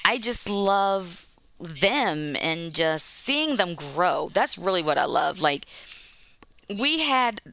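A woman in her forties, a mother and interview guest, telling her story in a warm way with frequent laughter. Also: fairly low pitch, sing-song, takes it slowly, creaky. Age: 40s. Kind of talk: casual interview chat.

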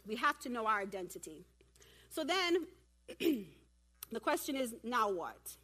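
Animated, bright-voiced woman preaching. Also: fairly high pitch, unhurried. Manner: animated, humorous, talks directly to the audience. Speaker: speaker at a women's church event. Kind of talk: sermon. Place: church.

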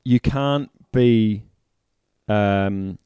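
A man's voice: lowish voice, very slow, mellow, smooth, no echo, studio quality. Easygoing man chatting rugby. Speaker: rugby podcast co-host. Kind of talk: casual sports chat.

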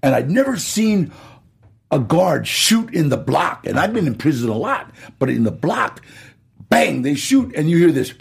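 A middle-aged man, an actor being interviewed, telling stories in a gravelly, husky voice, acting out quotes and laughing as he goes. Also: a little high, normal speed, a little hiss or hum. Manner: animated storyteller, acts out quotes and laughs. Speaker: actor guest. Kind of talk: storytelling interview.

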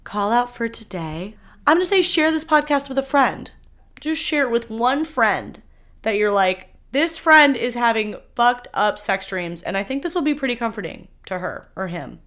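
A young woman hosting a solo podcast, talking candidly and animatedly, her voice swinging between loud bursts and soft asides. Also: fairly high pitch, big pitch swings, normal speed. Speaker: podcast host.

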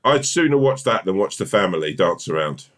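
Co-host, bloke, very lively up-and-down delivery, sweary, rambles and restarts, casual chat energy. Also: male voice, low-pitched, fairly quick. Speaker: podcast co-host.

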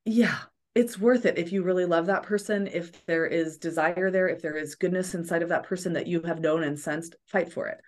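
A woman's voice: fairly low pitch, normal speed, a little mellow. A woman therapist, a podcast guest, giving earnest advice in a coaching manner. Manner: earnest, coaching, acts out examples.

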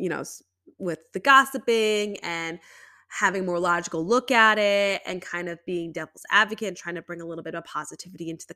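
A woman's voice: medium pitch, bright, forceful tone. A young woman hosting a solo podcast, talking casually and chattily with lots of "you know" fillers. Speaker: podcast host.

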